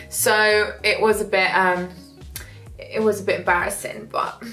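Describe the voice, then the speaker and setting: A woman's voice: fairly high pitch, normal speed, fairly bright tone. A woman vlogging in a casual get-ready-with-me chat, candid and emotional, breaking into laughing storytelling. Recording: roomy echo with faint background music.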